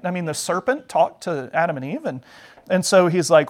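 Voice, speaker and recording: A man's voice: a little high, moderate pace. Chatty man teaching a Bible lesson. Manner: chatty, joking, animated retelling. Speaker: Sunday school teacher.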